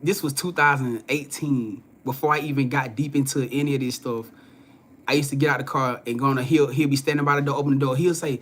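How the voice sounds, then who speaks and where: Man telling a spiritual story to live viewers. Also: fast talker. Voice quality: voice swings from loud and animated to low and hushed, acting out other people's lines. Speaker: spiritual reader and host. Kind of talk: casual storytelling to a live audience.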